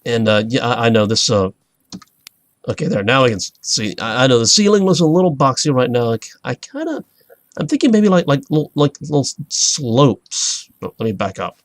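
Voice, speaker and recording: A man hosting a let's play, giving rambling, excitable gameplay commentary. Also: mid-range voice, normal speed, dry recording. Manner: rambling, excitable, self-interrupting.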